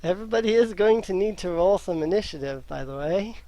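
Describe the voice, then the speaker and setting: A man running a tabletop game as game master, pausing often with ums. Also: high voice, expressive, dark tone, dry recording. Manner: hesitant, many ums.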